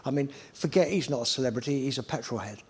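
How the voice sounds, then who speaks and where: A man telling a story in a casual chat, animated and sweary, acting out other people's lines. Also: medium pitch, fast talker, husky. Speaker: TV presenter telling stories.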